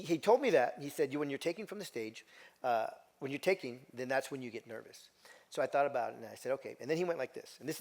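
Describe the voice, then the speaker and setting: Fast-talking middle-aged male motivational speaker. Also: mid-range voice. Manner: animated, repeats words and asks the audience questions. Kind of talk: storytelling talk to a live audience. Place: stage before an audience.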